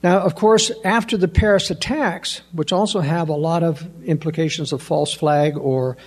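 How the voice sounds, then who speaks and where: A man's voice: on the high side, fairly even intonation, normal speed. An older man giving an emphatic monologue to an audience, firing off incredulous rhetorical questions. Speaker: political commentator.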